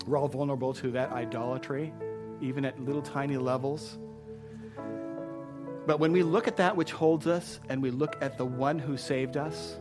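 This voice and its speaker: A man preaching a sermon to a congregation as pastor, impassioned, repeating phrases and building to loud exclamations. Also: mid-range voice. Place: church before a congregation.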